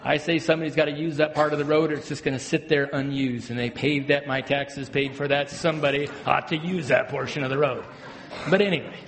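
A man's voice: steady tone, brisk. Preaching man in an echoing hall. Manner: swings from loud emphatic bursts to hushed low phrases. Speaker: pastor. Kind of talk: sermon. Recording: long hall reverb.

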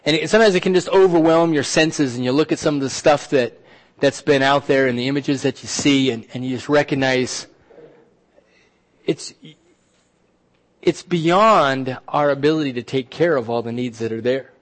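A man preaching a sermon as pastor, animated, often repeating words and dropping to a soft, intense hush. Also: mid-range voice, normal speed.

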